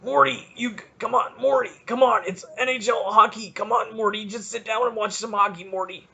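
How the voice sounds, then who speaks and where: A man's voice: high-pitched, steady tone, a little fast, creaky, pushed and bright, breathy edge, pitched above the performer's own voice, exaggerated voice. A man voicing a cranky old male cartoon scientist who stammers and keeps nagging, repeating the other's name. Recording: dull lo-fi recording.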